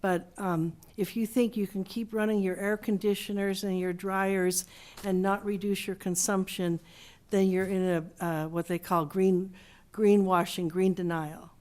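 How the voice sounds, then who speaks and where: A woman council member at a city council meeting, talking in a halting way with many restarts and slowing down to read from a text. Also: medium pitch, flat delivery, darkish tone. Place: council chamber.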